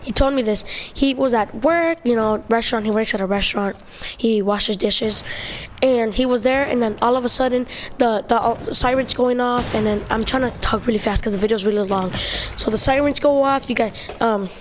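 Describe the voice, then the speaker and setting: Young woman, high-ish voice, rambling casual storyteller, slight noise. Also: normal speed. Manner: rambling, many fillers and restarts. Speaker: video creator.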